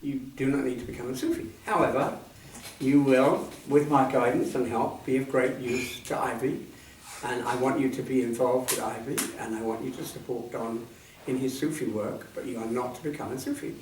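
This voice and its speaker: A man in his seventies shares personal memories at a talk, speaking softly and reflectively and letting his sentences trail off. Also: medium pitch, fairly even intonation, moderate pace. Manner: reflective, soft-spoken, trailing off at line ends. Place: meeting hall at a centre. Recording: echoey hall, distant mic, faint noise.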